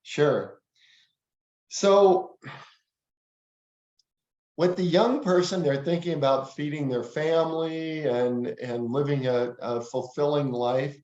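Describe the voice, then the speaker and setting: A man's voice: a little high, slow pace, pauses often, a little mellow. A man interviewing a guest, asking questions hesitantly and repeating words as he starts. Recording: roomy, dull lo-fi sound.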